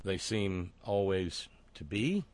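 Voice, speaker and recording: A man's voice: sits low, animated, darkish tone. Sardonic man hosting a monologue show. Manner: sardonic, wry, halting with fillers. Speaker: commentary show host.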